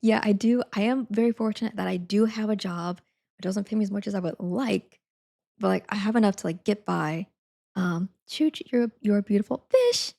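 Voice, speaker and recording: A woman's voice: medium pitch, normal speed, vocal fry, dark tone. A young adult woman chatting casually on a live stream, laughing often, saying "like" a lot and thanking viewers again and again.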